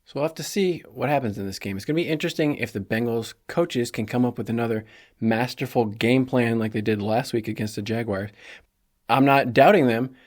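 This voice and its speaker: A man's voice: medium pitch, fairly quick, darkish tone. A man hosting a solo sports preview podcast, talking casually and chattily with joking asides. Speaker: podcast host.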